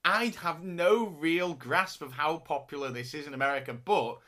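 Bright-voiced man chatting. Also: on the high side, moderate pace. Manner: rambling storyteller with frequent restarts. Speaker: podcast co-host. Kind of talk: casual chat.

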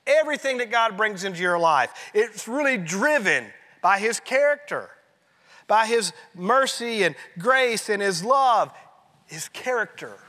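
A man delivers a sermon from the pulpit in a high, ringing voice. He preaches emphatically and drops to a near-whisper on key phrases. A long church-hall reverb trails every line. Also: big pitch swings, measured pace, sharp tone. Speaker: pastor.

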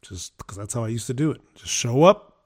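A man in his fifties chatting casually on a podcast, telling rambling stories with animated asides. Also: medium pitch, fairly quick, husky. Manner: rambling, with frequent restarts and animated quoted asides. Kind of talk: casual storytelling chat.

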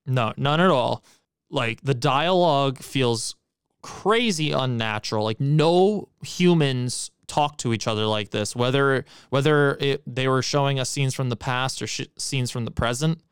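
A man's voice: medium pitch, unhurried, smooth, no echo, clean studio sound. A man co-hosting a podcast, giving a blunt, profane, emphatic movie critique in casual chat. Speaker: podcast co-host.

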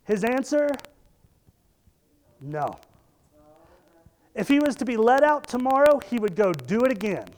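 A man's voice: very high-pitched, sing-song, a little slow, long pauses, rough recording. A man in his thirties preaching a sermon, emphatic and repeating phrases for stress. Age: 30s. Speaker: pastor.

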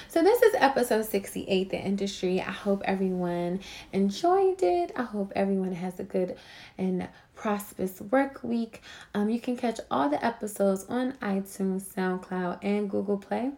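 A woman's voice: medium pitch, animated, moderate pace, gravelly, darkish tone. A young adult woman hosting a podcast, ranting in a casual, profane monologue and repeating catchphrases for emphasis. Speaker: podcast host.

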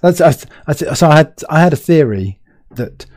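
A British man hosts a relaxed interview over a video call, his voice mellow and warm. He rambles, restarts his thoughts and chats loosely. The sound is dry and close. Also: on the high side, moderate pace, dry recording. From United Kingdom. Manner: rambling, self-interrupting, chatty. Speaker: podcast host. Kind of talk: casual conversational interview.

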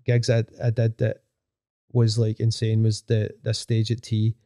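Male DJ guest, young, mellow, dry close sound, rambles fast and swears freely. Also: fairly low pitch, monotone, no room sound. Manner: fast rambling talk, swearing, full of fillers. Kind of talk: casual chat.

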